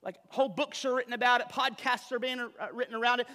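A high-voiced pastor preaches with emphatic, conversational energy and frequent asides. His voice rings out with the long reverb of a big hall. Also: steady tone, quick pace, sharp tone. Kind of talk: sermon.

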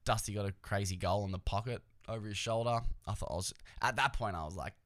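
An Australian man with a lowish voice, talking casually on his own podcast. He rambles and swears a lot, and he keeps throwing jokey asides at the listener. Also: fast, fairly bright tone. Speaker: podcast host. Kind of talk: casual solo podcast chat.

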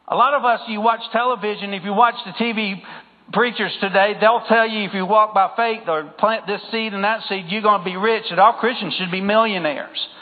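High-voiced preacher in an echoing church. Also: male voice. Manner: emphatic, repeats phrases and asks the congregation questions. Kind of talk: sermon. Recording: phone-like sound with long hall reverb.

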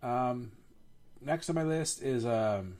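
Young male podcaster, casual chat, expressive intonation, quick to laugh. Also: mid-range voice. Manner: laughs often, lively storytelling. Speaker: podcast host.

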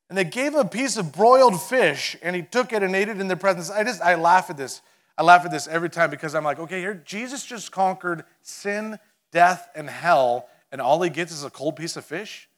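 A man preaching a sermon as pastor, telling the story in an animated way, joking with the congregation and swinging from loud to hushed. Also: high-pitched, normal speed. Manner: conversational and playful with the congregation.

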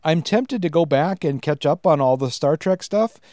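A man's voice: on the high side, expressive, moderate pace, mellow, no room sound, clean studio sound. A man from Minnesota with a Minnesotan accent, hosting a casual podcast interview in an easygoing way, laughing often. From Minnesota, US Midwest. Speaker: podcast host.

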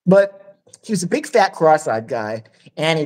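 A woman's voice: sits low, expressive, measured pace, a little mellow. A woman hosting a podcast, telling a crude, blunt story in casual chat and swearing freely. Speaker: podcast host.

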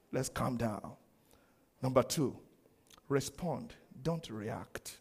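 A man preaching a sermon, animated, laughing often and acting out the quoted lines. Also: mid-range voice, slow, vocal fry, long pauses, slightly rough. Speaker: pastor.

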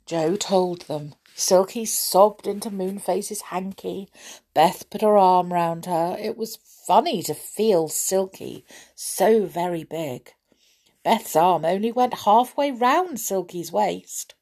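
A woman's voice: mid-range voice, takes it slowly, mellow. A woman reading a children's story aloud, chatting to young listeners in a sing-song way.

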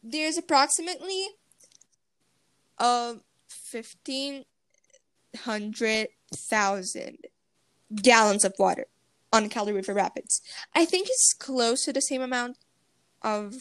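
Chatty higher-pitched woman. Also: animated, slow pace, pauses often, fairly bright tone, smooth, no echo. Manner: chatty, rambling, giggly. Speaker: presenter. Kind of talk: casual chat about theme park rides. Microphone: video call.

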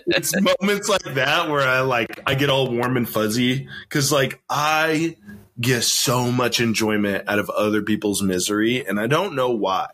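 A man's voice: mid-range voice, a little slow. A man hosting a podcast, telling army stories in a casual chat, often laughing and acting out the other people in them. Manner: animated, laughs often, acts out quoted voices. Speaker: podcast host.

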